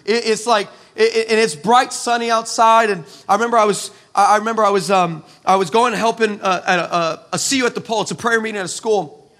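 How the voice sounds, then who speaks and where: A man from El Paso preaching a comic storytelling sermon, animated and sarcastic, with many stammered restarts. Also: sits high, quick pace. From El Paso, West Texas, USA. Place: church.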